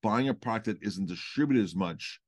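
A restaurant owner with a lowish voice co-hosts a podcast about running restaurants, talking at a normal speed in a recording with no echo. It's a casual chat full of animated storytelling, and he repeats words for emphasis.

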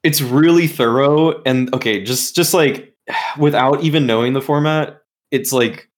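A man's voice: medium pitch, a little slow. A man hosting a casual esports talk show, rambling with lots of fillers and restarts. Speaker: podcast host.

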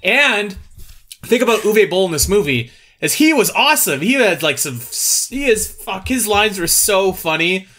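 Bright-voiced man in casual podcast chat. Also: sits high, normal speed. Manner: animated, swears freely, laughs often. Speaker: podcast co-host.

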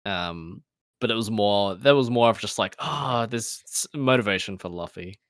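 Male podcast co-host, bright mid-pitched voice, easygoing, laughs a lot. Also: moderate pace, no room sound, clean studio sound. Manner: relaxed, laughs often, easygoing. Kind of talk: casual chat.

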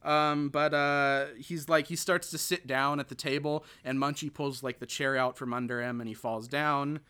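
Bright-voiced man rambling through a film recap. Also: mid-range voice, steady tone, normal speed, clean tone. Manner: rambling, full of fillers and restarts, quotes characters. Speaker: podcast host. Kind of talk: casual chat recapping a film.

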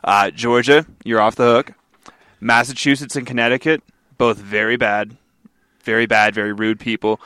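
A man's voice: mid-range voice, fairly even intonation, normal speed, pushed and bright, no echo. A man, co-hosting a casual podcast with dry, wry one-liners. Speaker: podcast co-host.

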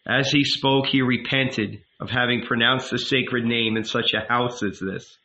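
Audiobook narrator, male, measured, bright tone, slightly muffled recording. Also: mid-range voice, steady tone. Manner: measured, unhurried. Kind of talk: audiobook reading.

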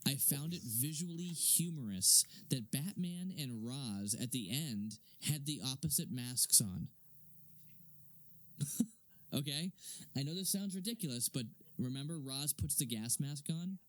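A young adult man co-hosting a casual film review podcast, animated and quick to laugh as he acts out scenes. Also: mid-range voice, no echo. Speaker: podcast co-host.

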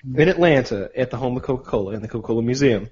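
A man's voice: mid-range voice, expressive, very fast, darkish tone, husky. Chatty man telling a story, lo-fi. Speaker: podcast co-host. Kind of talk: casual group chat. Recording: dull lo-fi sound.

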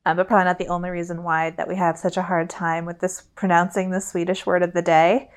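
A woman's voice: on the low side, little pitch movement, fast, clear, resonant tone. A woman co-hosting a podcast in casual chat, earnestly correcting and adding details. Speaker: podcast co-host.

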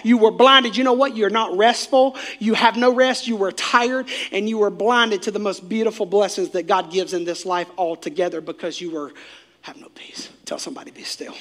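A man preaching a sermon, speaking straight to the congregation, swinging from shouts down to hushed near-whispers. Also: sits high. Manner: preachy, direct address to congregation. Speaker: pastor.

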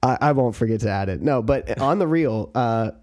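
A man's voice: medium pitch, expressive, moderate pace, darkish tone. A man co-hosting a podcast, telling a rambling drinking story in casual chat, full of swearing and acted-out lines from his friends. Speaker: podcast co-host.

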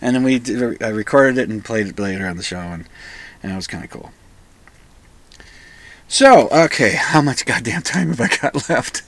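A man's voice: medium pitch, lively intonation, normal speed, long pauses, fairly bright tone, dry recording. A man hosting a solo podcast, rambling and pedantic, often restarting and correcting himself. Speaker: podcast host.

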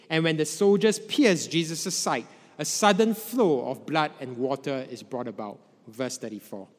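A man preaching a sermon in a measured way, letting his voice drop low at the ends of phrases. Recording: long hall reverb.

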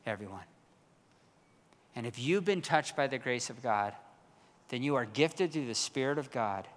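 A man's voice: fairly high pitch, a bit bright, in a large hall. A middle-aged male pastor preaching a casual, self-deprecating sermon, often repeating his words as he talks.

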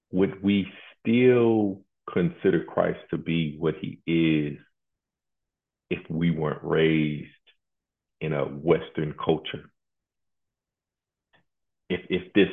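A man preaching a sermon in a halting, colloquial way, often repeating words as he searches for them. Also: very deep voice. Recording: tinny phone-like line.

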